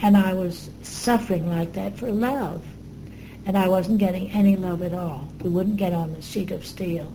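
Older woman with a mellow voice. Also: lowish voice, fairly even intonation, a little hiss or hum, rough recording. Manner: reflective, earnest storytelling with pauses and fillers. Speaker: interviewee. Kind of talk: recounting memories in an interview.

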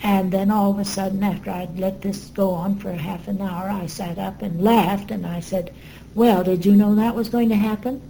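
An older woman being interviewed, recounting her memories in an earnest, reflective way with pauses and fillers. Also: mid-range voice, fairly even intonation, gravelly, mellow, a little hiss or hum, rough recording.

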